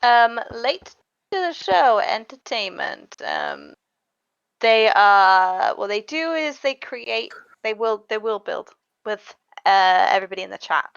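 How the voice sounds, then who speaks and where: A woman game master winding down a live tabletop game stream in relaxed, chatty talk full of fillers and laughs. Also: medium pitch, takes it slowly, creaky, clean tone, dry recording, muffled recording. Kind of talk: casual wrap-up chat on a live stream.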